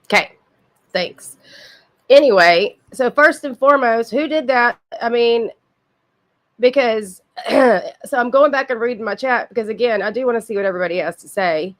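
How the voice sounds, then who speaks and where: A woman's voice: a little high, moderate pace. Sniffly, chatty woman streaming. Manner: blunt, profane, chatty with frequent asides. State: sick with a cold, sniffling. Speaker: livestream host. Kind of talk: casual chat with live chat viewers.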